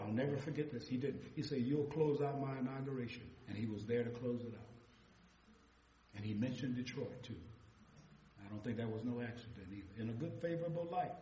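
An older man preaching a sermon. He retells conversations as stories and rises into loud, high-pitched bursts. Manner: retells exchanges in a storytelling voice. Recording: dull audio with long hall reverb.

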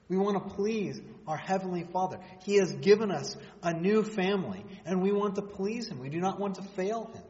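A man preaching a sermon in a relaxed, conversational way, with humorous asides and rhetorical questions. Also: high voice. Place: church hall. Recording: dull sound with long hall reverb.

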